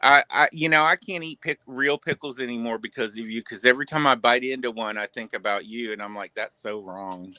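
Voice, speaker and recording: A man's voice: medium pitch, a little fast, hardly any pauses, sharp tone, no echo. Profane, stammering man telling stories. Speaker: streamer. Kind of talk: casual storytelling on a livestream.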